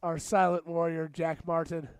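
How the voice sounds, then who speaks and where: Young guy doing casual rugby commentary, jokey and chatty, smooth clear voice, dry close sound. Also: fairly high pitch, little pitch movement, moderate pace, dry recording. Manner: jokey, chatty, bursts into shouts at big plays. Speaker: match commentator.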